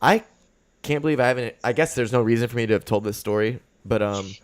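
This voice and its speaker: A man's voice: mid-range voice, fast talker. Profane, fired-up young man ranting. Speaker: podcast host. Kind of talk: casual chat.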